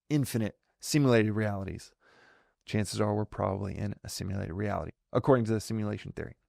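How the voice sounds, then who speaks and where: A man's voice: on the low side, gravelly, darkish tone, no room sound, studio quality. A man hosting a solo podcast, explaining ideas in a thoughtful way and often correcting himself mid-sentence. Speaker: podcast host. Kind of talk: solo reflective podcast talk.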